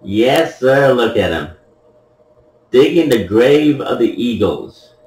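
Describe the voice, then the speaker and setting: A man's voice: medium pitch, animated, slow, darkish tone. A man giving playful, joking commentary over a game replay, laughing at his own jokes, in an echoey room with the mic at a distance. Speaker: gameplay commentator.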